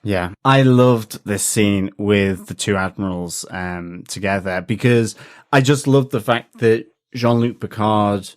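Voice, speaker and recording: A man's voice: lowish voice, takes it slowly. A man co-hosting a podcast, chatting enthusiastically with frequent fillers and restarts. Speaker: podcast co-host. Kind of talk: casual podcast discussion.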